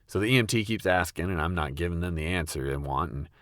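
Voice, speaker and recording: Brief: young male storyteller, very low voice, deadpan, dry close mic. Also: fast, no room sound. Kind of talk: comedic first-person storytelling.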